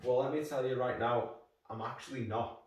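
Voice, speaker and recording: A man's voice: medium pitch, steady tone, moderate pace, distant mic. A man with a Liverpool Scouse accent reviewing a beer in rambling, jokey, sweary chat. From Liverpool, England. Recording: echoey room, voice off-mic.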